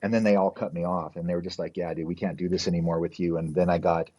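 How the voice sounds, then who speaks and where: Deep, husky man telling a rambling story. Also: level tone, fast, mellow. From New Mexico, US. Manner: rambling, profane, fills with "like" and "you know"; acts out quoted people in his story. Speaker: podcast guest. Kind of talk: casual storytelling. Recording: slightly dull, muffled podcast audio.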